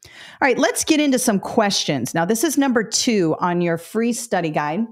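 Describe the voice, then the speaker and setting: A woman's voice: medium pitch, animated, normal speed. A middle-aged woman leads a test-prep webinar in an explanatory, step-by-step way. She talks right to her viewers and catches her own slips. Her throat sounds a little dry. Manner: explanatory, self-correcting, addresses viewers directly. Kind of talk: webinar lesson.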